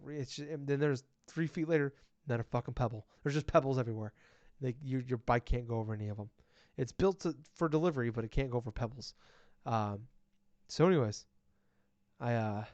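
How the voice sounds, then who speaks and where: A man co-hosting a podcast, chatting casually and breaking into profane, animated rants. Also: medium pitch, no room sound. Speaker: podcast co-host. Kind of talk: casual chat. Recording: dull lo-fi recording.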